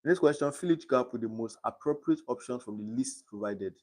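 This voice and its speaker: A man's voice: mid-range voice, brisk, a little mellow. Young man tutoring on a live stream. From Nigeria. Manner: reads quiz options aloud and checks understanding.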